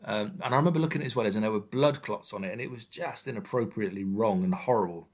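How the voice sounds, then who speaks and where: A man in his fifties, a firefighter guest speaking frankly and haltingly with many fillers in an interview. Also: on the low side, a little mellow. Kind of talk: candid personal interview.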